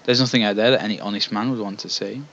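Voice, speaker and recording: A man's voice: on the low side, fairly even intonation, quick pace, fairly bright tone, muffled recording. A man doing a blustering wild-eyed villager. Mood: challenging. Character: wild-eyed gruff male villager with pompous British accent.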